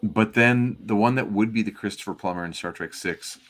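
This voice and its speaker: A man's voice: fairly low pitch, fairly quick, a bit bright. A man hosting a comic book podcast in casual chat, reading out listener comments. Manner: chatty, reads out listener comments.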